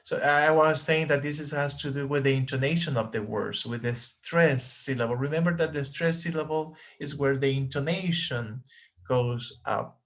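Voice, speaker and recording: A man's voice: mid-range voice, moderate pace. A man teaching an online English class, patiently repeating words for his students.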